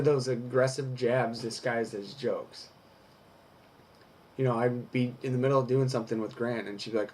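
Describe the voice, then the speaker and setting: A man's voice: mid-range voice, fairly quick, darkish tone, a little hiss or hum. A young man recording a candid personal vlog who reads from an article and then talks through it frankly, with some swearing. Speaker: vlogger.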